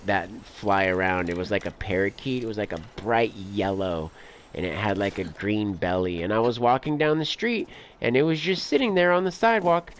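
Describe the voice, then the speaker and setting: Against slight background noise, a man with a fairly low voice talks at normal speed while streaming a game. He drifts into rambling stories between play in casual let's-play style, saying "like" and "dude" constantly.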